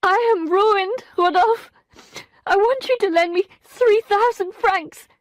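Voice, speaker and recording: A desperate young wife, played by a woman reading a story, proud yet pleading, her lines pitched high above the narration. Her voice swings widely with emotion, and it is recorded close and dry. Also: lively intonation, measured pace, dry recording. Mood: distraught.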